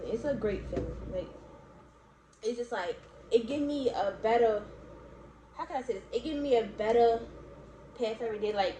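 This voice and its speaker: A woman's voice: fairly high pitch, warm tone. A young woman from Baltimore chatting casually to viewers, rambling with lots of "like" and "y'all" and frequent laughs. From Baltimore, USA. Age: young adult. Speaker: vlogger. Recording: echoey room, faint background noise.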